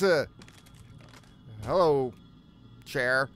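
A man's voice: mid-range voice, slow pace. A young man giving let's-play commentary on a horror game, with jumpy, chatty, half-joking reactions to scares. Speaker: gaming YouTuber.

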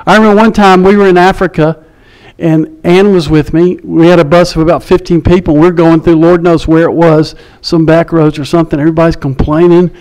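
Speaking fairly quickly with a clear, resonant, high-pitched voice, a male pastor gives a lively sermon, impersonating each person he quotes. His delivery alternates between emphatic highs and quieter, lower asides, captured on a rough recording.

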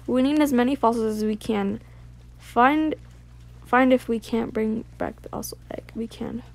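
A female gaming YouTuber giving casual gameplay commentary, excitable and gushing, full of exclamations and reading game text aloud. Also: on the high side, a little slow.

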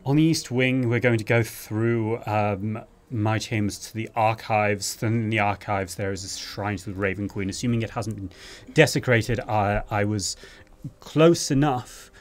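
A man playing in a tabletop game, speaking deliberately with a wry edge. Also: on the low side, fairly even intonation. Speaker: player. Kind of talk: tabletop game role-play.

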